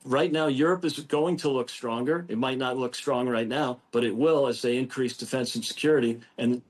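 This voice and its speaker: A man from the United States makes his case as a guest in a live news debate. His voice is mid-pitched, and he argues confidently, often doubling words as he restarts a phrase. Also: normal speed. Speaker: political commentator guest.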